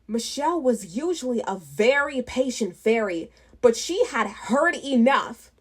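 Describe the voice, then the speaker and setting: A woman reading a children's storybook aloud, unhurried, with small restarts. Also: fairly high pitch. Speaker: children's book reader.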